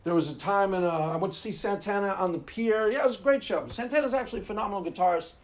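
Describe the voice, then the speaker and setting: Man, casual monologue, emphatic, animated, laughing asides. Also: high-pitched, very fast. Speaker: Christian apologetics channel host.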